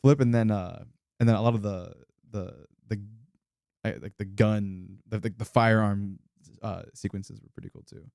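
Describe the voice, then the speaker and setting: Young male co-host, low gravelly mellow tone, hesitant filler-heavy delivery. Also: steady tone, dry recording, studio quality. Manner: halting, full of fillers and restarts. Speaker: podcast co-host. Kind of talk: casual movie chat.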